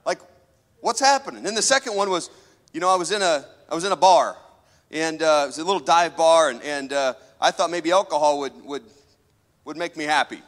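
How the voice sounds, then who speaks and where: A man's voice: a little high, fairly quick. A man preaching a sermon to a church congregation, talking in a loose, conversational way and often asking the crowd for an amen. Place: church sanctuary. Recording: hall reverb from a church.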